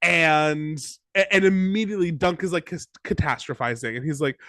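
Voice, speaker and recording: A man co-hosting a podcast in casual chat, rambling and excitable, with many restarts. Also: fairly high pitch, moderate pace, few pauses, dry recording, clean studio sound. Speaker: podcast co-host.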